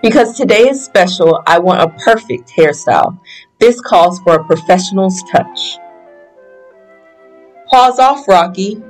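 A storybook reader taking on a child's first-person narration in a plain, mid-pitched voice. Faint music plays softly behind the reading. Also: moderate pace, rough recording. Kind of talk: reading a picture book aloud.

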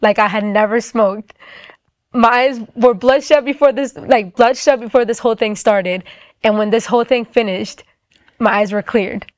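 A woman's voice: on the high side, moderate pace, no room sound, clean studio sound. A young woman telling her faith testimony casually, rambling with lots of fillers. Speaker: guest telling her story.

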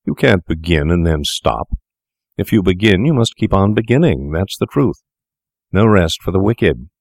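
A man reading aloud, voicing a calm, persuasive young male doctor who coaxes his shaken friend in a smooth, menacing tone. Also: sits low, moderate pace, no echo, studio quality, heavily acted. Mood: coaxing.

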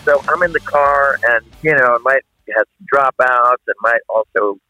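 A man's voice: medium pitch, normal speed, bright, forceful tone, faint music behind. A man, a guest rock singer, rambling loosely and laughing easily while on speakerphone in a car. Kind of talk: casual interview by phone. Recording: phone line from a car.

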